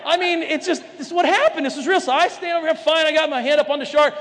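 High-pitched pastor guy preaching, acts out little voices, big echoey church. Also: fast, hardly any pauses, a faint crowd. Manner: animated storyteller acting out voices. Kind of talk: sermon. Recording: long hall reverb.

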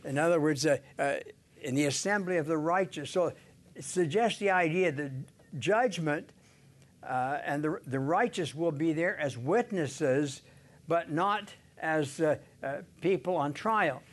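An older man giving an informal sermon on scripture, halting, with many "uh"s, restarts and little chuckles. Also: on the high side. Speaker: Bible teacher.

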